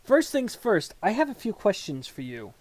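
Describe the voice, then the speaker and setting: A woman voicing a calm, patient woman guide, speaking in a measured, reassuring way. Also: medium pitch, no room sound, voice pushed up. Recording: music playing underneath.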